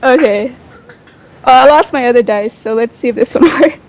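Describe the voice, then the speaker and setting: A woman's voice: a little high, moderate pace, crowd noise, rough recording. A woman in casual chat as a player in a tabletop game, giggly and playful.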